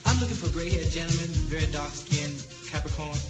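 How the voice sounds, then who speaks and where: A man playing a caller who leaves a crude message in a matter-of-fact, drawn-out comic tone. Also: on the high side, over loud music, close to an everyday voice. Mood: deadpan.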